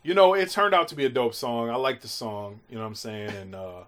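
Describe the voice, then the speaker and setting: A man's voice: mid-range voice, fairly quick. A man telling stories casually in an interview, acting out quotes and swearing freely. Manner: animated, acts out quotes, swears freely, slangy. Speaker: music producer guest.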